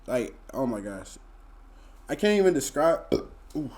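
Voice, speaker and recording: A man's voice: mid-range voice, sing-song, measured pace, a little mellow. A young man, telling a story to his live chat in a laid-back, slangy, rambling way full of fillers. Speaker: streamer.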